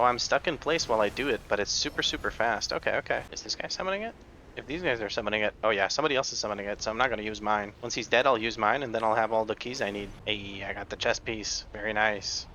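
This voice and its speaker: A man's voice: lowish voice, pushed and bright, slight background noise. A man giving casual, joking commentary over his own gameplay, swearing freely and laughing often. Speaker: gaming video creator.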